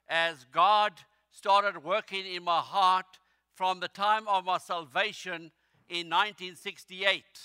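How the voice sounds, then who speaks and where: A man in his sixties or older from South Africa, with a South African accent, preaching a sermon as a visiting missionary in a slow, halting way with many fillers. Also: high-pitched, fairly even intonation, pushed and bright, clean tone, no echo, clean studio sound.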